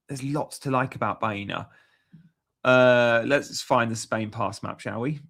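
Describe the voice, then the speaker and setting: A man's voice: mid-range voice, slow pace, vocal fry, a bit bright. Man, young adult, casual live-stream chat, upbeat and chatty, mid-range voice. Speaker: fantasy football streamer.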